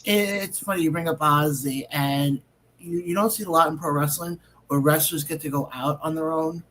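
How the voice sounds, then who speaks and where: A man hosting an interview show chats easily and leads into his questions. His voice sits a little higher than most men's. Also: fairly even intonation, moderate pace, a bit bright, poor audio. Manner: conversational, sets up questions. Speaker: host. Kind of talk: casual interview.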